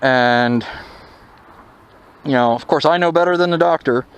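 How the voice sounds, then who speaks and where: This young motovlogger's voice is clear and resonant, medium in pitch and a little slow, as he tells a personal story mid-ride in a casual, candid, wry manner. The outdoor audio is noisy with wind and vehicles.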